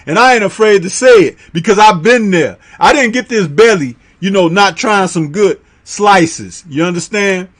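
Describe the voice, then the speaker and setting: A Chicago man with a fairly high voice hosts a live stream chat. He talks loosely in slang and breaks into laughter often. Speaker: livestream host reading chat.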